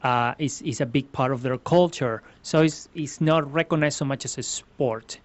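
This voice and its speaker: Man, mid pitch, earnest explainer, restarts often, interview guest. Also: normal speed. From Venezuela. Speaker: ballroom dance instructor, guest. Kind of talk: interview answers. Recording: slightly muffled lo-fi sound.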